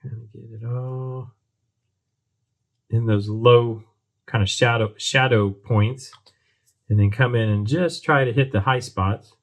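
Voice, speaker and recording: A man with a fairly low voice narrates his model kit painting at the workbench. He talks in a relaxed, thinking-aloud way, full of ums and restarts. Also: a little slow. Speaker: hobby model builder. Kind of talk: casual build tutorial talk. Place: workbench at home.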